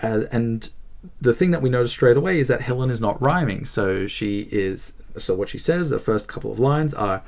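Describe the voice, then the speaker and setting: A man's voice: medium pitch, expressive, moderate pace, a little mellow. A man hosting a book channel, talking casually about a book he is reading, thinking aloud with frequent fillers and restarts. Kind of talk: casual spoken book review.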